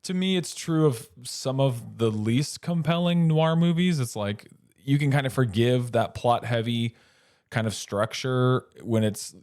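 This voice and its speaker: A man's voice: mid-range voice, a little slow, a little mellow, no echo, studio quality. A man co-hosting a casual film podcast, rambling through the plot with self-interruptions and chuckling asides. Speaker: podcast co-host.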